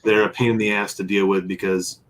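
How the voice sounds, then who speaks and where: A man's voice: lowish voice, little pitch movement, fairly quick, fairly bright tone. A man telling a long story in a casual interview while sketching, rambling and acting out bits of dialogue. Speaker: comic publisher and guest; game master of his group.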